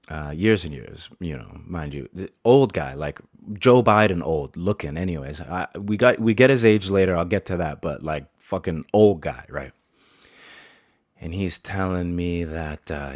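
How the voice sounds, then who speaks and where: A man's voice: low-pitched, dry recording, clean studio sound. A man, a barber, telling a story casually, with lots of swearing and laughter.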